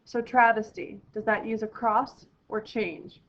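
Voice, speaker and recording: Higher-voiced woman teaching a vocabulary lesson. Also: fairly even intonation, a little slow, fairly bright tone, lo-fi sound. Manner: clear, explaining to students step by step. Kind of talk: recorded classroom vocabulary lesson.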